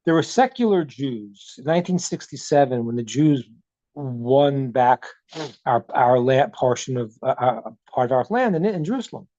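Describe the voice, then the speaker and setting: A man's voice: on the high side, darkish tone, no echo, dull audio. A man teaching as a rabbi over a video call, earnest, repeating words as he builds a point and retelling stories with dialogue. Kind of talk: Zoom teaching talk.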